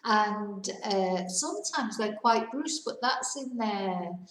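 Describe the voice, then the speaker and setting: A woman's voice: mid-range voice, expressive, a bit bright, distant mic. Woman, middle-aged, chatty teacher, echoey room, set back from the mic. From United Kingdom. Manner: chatty, rambling with fillers, slows down to model Spanish phrases. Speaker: Spanish teacher. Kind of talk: casual lesson to camera.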